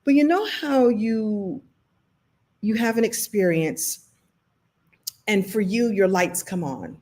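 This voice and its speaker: Brooklyn woman, motivational coach live stream, emotional and animated, laughs a lot. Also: mid-range voice, slow pace. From Brooklyn, New York. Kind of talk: motivational livestream talk.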